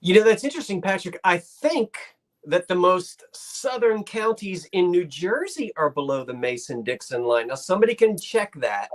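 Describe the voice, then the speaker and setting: Male co-host, fairly high voice, rambling and hesitant, casual stream chat. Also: expressive, normal speed. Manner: hesitant, rambling with many restarts. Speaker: co-host of a live sale stream.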